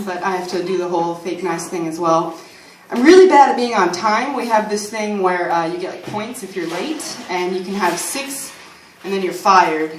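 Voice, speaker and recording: A woman's voice: fairly low pitch, slight background noise. A woman in her twenties doing loose, improvised open-mic stand-up, rambling and swearing freely on a small comedy stage. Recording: echoey room, mic at a distance.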